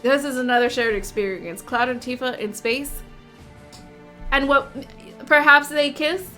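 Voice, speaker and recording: Young woman streamer, high and bright, excitable and jokey. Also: unhurried, faint music behind. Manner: excitable, giggly, jokey reactions. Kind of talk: live gameplay commentary.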